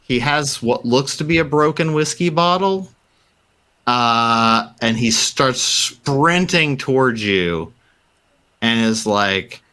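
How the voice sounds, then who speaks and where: A man narrating a tabletop game as game master, slow and loose with many fillers. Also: mid-range voice, expressive, bright, forceful tone, clear, resonant tone.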